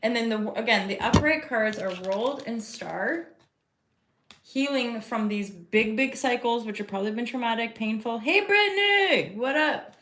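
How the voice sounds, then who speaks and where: A woman's voice: a little high, moderate pace, a bit bright, slight background noise. Rambling, chatty tarot-reading woman in an echoey room. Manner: rambling, chatty, spiritual talk to viewers. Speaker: tarot reader and host. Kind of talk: casual live tarot reading. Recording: roomy echo.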